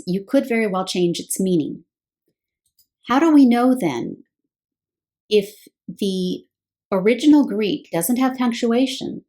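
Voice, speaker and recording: A woman's voice: medium pitch, darkish tone. A woman giving a scripted Bible teaching talk, explaining step by step and posing rhetorical questions.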